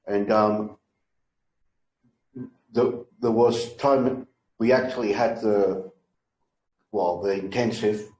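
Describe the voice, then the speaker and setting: A man in a class, talking hesitantly about his earlier studies with many pauses. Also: on the low side, fairly even intonation, a little mellow. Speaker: student. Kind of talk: casual class discussion. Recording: roomy echo.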